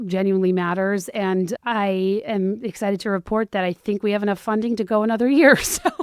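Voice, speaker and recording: A woman in her thirties with a hoarse voice, hosting her own podcast in a chatty, self-deprecating, rambling way. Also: medium pitch, dry recording, studio quality. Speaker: podcast host. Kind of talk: casual solo podcast chat.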